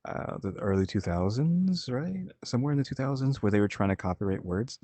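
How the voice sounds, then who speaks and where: A man's voice: mid-range voice, lively intonation, brisk, mellow, no echo. A man hosting a reaction video, chatting casually and rambling as he thinks aloud. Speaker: reaction channel host.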